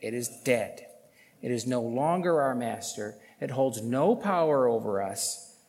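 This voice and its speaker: Guy preaching slow and emphatic, lots of rhetorical questions, big hall reverb. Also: medium pitch, lively intonation. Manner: emphatic, rising loud on key points, rhetorical questions. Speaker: pastor. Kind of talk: sermon.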